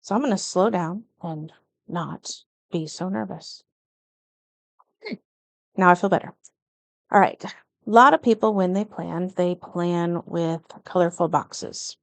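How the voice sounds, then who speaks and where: A woman's voice: fairly low pitch, measured pace, vocal fry, pauses often, no echo. A middle-aged woman chatting through a plan-with-me vlog, a little nervous and often correcting herself as she goes. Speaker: planner vlogger. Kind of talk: casual plan-with-me narration.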